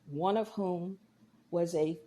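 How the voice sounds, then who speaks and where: A woman's voice: on the low side, slow pace, dark tone. A woman from Georgia with a Midwestern accent, a podcast guest and deacon sharing her personal testimony, telling stories and acting out the dialogue. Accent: Midwestern American. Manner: storytelling, acts out quoted dialogue.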